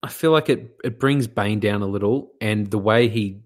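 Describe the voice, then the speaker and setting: A man co-hosting a casual film chat, playful and quick to mimic characters. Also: fairly low pitch. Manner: playful, puts on voices for jokes. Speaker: podcast co-host.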